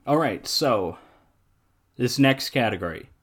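A man's voice: medium pitch, animated, a little slow, a bit bright. A man co-hosting a podcast in casual chat, steering the segment in a dry, matter-of-fact way. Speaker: podcast co-host.

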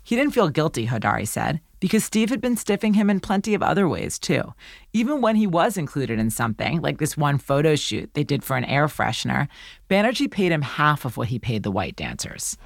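Lively conversational podcast narrator. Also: mid-range voice, brisk, vocal fry, no echo. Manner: conversational, plainspoken storytelling. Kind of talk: scripted documentary narration.

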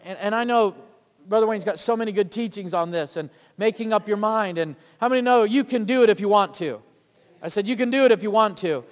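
A man's voice: high-pitched, brisk. A male pastor preaching a sermon, rousing, calling for amens and asking the congregation questions. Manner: rousing, calls for amens and asks the crowd questions. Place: church sanctuary. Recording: long reverb of a church hall.

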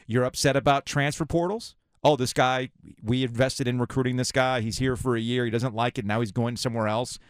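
A man's voice: mid-range voice, fairly even intonation, fairly quick, hardly any pauses, smooth, no echo, studio quality. A man hosting sports talk radio, ranting sarcastically. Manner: sarcastic, ranting, mocking voices of officials.

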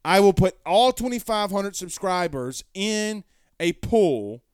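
A sports show host with a high, smooth voice reads viewer comments during a casual live stream, rambling in a folksy way and often correcting himself. The audio is clean studio sound with no room noise.

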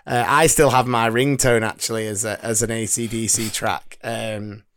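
A man's voice: fairly low pitch, little pitch movement, normal speed, a bit bright, clear, resonant tone. A man, co-hosting a casual podcast chat, teasing his friend and laughing often. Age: 30s. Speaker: podcast co-host. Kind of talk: casual banter.

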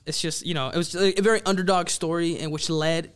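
A man in a casual chat, relaxed and hedging, with many fillers. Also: on the high side, fast talker, clear, resonant tone. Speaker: guest from the international department.

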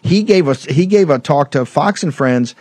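A man's voice: a little high, lively intonation, moderate pace, a little mellow, dry recording. A man hosting a political talk show, ranting emphatically and combatively, rambling with restarts. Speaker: show host.

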